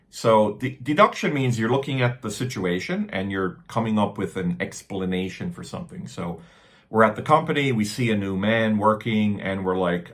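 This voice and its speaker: A man's voice: lowish voice, moderate pace. A man with an American accent teaching English grammar, patiently explaining and acting out example sentences. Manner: patient, repeats points, acts out example sentences.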